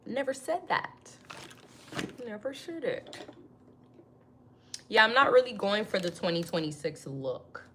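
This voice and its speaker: A woman's voice: medium pitch, big pitch swings, measured pace, long pauses, a little hiss or hum. Brash swearing young woman ranting. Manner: brash, swears freely, bursts into loud outbursts. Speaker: vlogger. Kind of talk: casual rant to camera.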